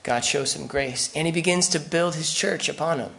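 Gravelly-voiced man preaching a sermon. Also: fairly high pitch, normal speed, fairly bright tone. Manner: conversational preaching, acts out quoted voices. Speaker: pastor.

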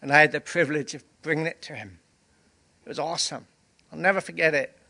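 A man's voice: fairly high pitch, steady tone, fast, gravelly, bright, forceful tone. A male pastor giving a communion sermon, preaching earnestly with emphatic repetition, and sniffling and teary.

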